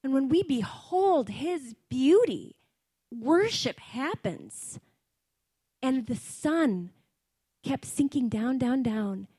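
A woman's voice: high voice, animated, slow, dark tone, slightly rough, no room sound. A middle-aged woman preaching a sermon in an earnest, conversational way, often slipping in ums and asides.

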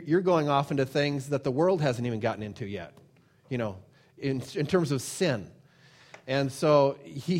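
Guy preaching, earnest and chatty, bit higher voice than most, lots of "you know". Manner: earnest, conversational preaching with frequent fillers. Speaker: pastor. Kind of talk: sermon.

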